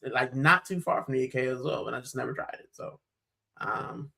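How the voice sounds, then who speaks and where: A man's voice: mid-range voice, normal speed, gravelly, bright, forceful tone, poor audio. A man from Puerto Rico hosting a football channel's live stream, chatting casually and animatedly, with plenty of "bro".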